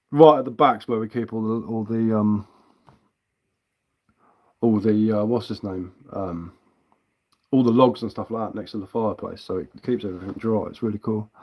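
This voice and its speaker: A man's voice: on the low side, mellow. A man chatting casually on a live stream as a woodcarver, easygoing and answering viewer comments.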